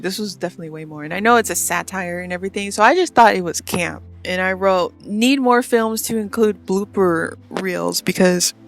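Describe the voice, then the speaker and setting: Chatty young woman rambling about films. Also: medium pitch. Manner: chatty, rambling, lots of "like" and slang. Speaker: vlogger reviewing films. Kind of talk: casual chat.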